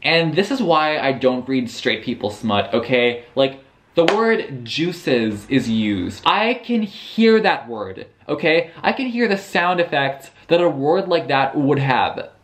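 A man's voice: mid-range voice, big pitch swings, slow pace, a bit bright, slight background noise. A young man casually recapping a novel for his book vlog, sassy and profane, acting out the characters' lines. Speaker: book reviewer.

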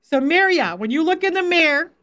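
A middle-aged faith coach with a very high, slightly bright, expressive voice gives a Bible teaching on a livestream, speaking a little fast. She addresses chat viewers directly and firmly.

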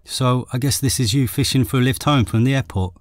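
A man voicing a woman, the narrator's caring but doubtful sister, with a higher, brighter voice. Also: a little fast, no room sound, studio quality, lightly acted.

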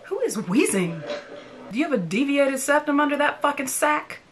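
A woman's voice: sits high, very animated, moderate pace, a little hiss or hum. A woman reacting to a horror movie she is watching for the first time, talking back at the characters on screen and swearing freely.

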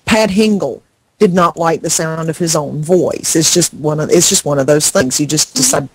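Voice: mid-range voice, moderate pace, a little hiss or hum, low-quality recording. An actor rambling in casual podcast chat, laughing often and sounding exasperated.

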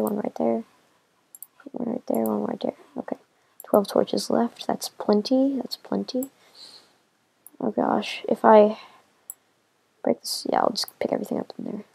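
A woman giving casual commentary as she plays a video game, talking to herself and getting excited as she goes. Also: medium pitch, creaky, breathy edge. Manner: excitable, talks to herself while playing. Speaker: gamer.

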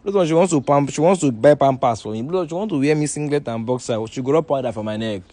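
A man with a Nigerian accent, a contestant in a comic blind-date skit, loud and mocking and talking over others. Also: medium pitch, fast. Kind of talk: comic skit banter in Pidgin English.

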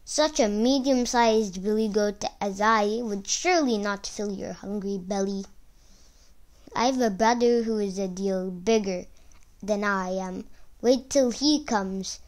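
Lady voicing a calm clever goat, sweet-talking, slow, storybook. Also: mid-range voice, close to an everyday voice. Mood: flattering. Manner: calm, flattering. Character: calm, clever medium-sized male billy goat.

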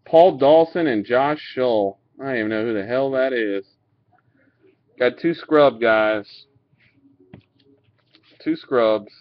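A man talks slowly and easily, reading out cards with the odd curse and chuckle. His voice comes through a dull, lo-fi webcam microphone. He sounds loose and unhurried. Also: mid-range voice. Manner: laid-back, swears and laughs while reading out cards. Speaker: card breaker. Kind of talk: casual card-pack opening commentary. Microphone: webcam mic.

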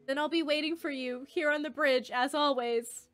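Calm male game wanderer, read plainly by a young woman, high voice. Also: normal speed, faint music behind.

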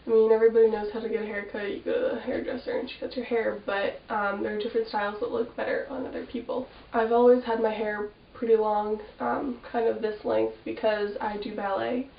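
A woman's voice: a little high, little pitch movement, a little fast, creaky, few pauses. A woman with a cold and a nasal voice, chatting casually and rambling to camera with lots of fillers. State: has a cold, sniffling. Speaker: fashion vlogger. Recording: echoey room, mic at a distance, dull sound with faint hiss.

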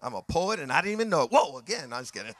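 A pastor preaching a sermon with animated delivery, dropping to quiet asides and rising to shouted passages, acting out other people's voices along the way. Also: male voice, on the high side, very fast, dry recording. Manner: acts out voices of people and scenes in his preaching.

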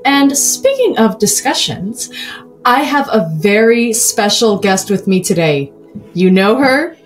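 A woman's voice: fairly high pitch, very animated, slow. A woman from California hosting a book podcast, chatty and self-deprecating. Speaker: podcast host. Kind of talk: casual podcast chat.

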